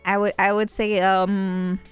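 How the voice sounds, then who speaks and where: A young woman from the Netherlands, chatting playfully with her stream chat and often jumping into high squeals. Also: unhurried, clear, resonant tone, faint music behind. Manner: playful, animated, jumps to squeals. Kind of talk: casual chat with chat.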